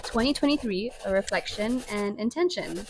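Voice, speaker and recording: A young woman co-hosting a podcast in casual chat, chatty and giggly, talking in quick bursts. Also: mid-range voice, expressive. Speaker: podcast co-host.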